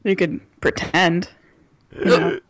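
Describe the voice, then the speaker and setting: A woman's voice: on the low side, takes it slowly. Woman cohost on a comedy pod, makes up goofy scenes, trips over her words and restarts a lot. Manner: silly, builds scenes with stops and restarts. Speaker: podcast co-host. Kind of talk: casual comedic chat.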